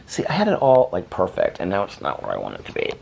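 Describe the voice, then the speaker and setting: A man's voice: deep voice, wildly swooping pitch, quick pace, vocal fry, a little mellow, slight background noise. An American man vlogging at home in a rambling, chatty way, talking to his dog. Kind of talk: casual chat. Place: home, indoors. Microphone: camera.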